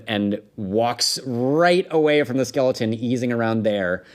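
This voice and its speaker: A man's voice: medium pitch, animated, moderate pace, hardly any pauses. Guy dming a tabletop game, loose and chatty, lots of ums and laughs. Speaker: dungeon master.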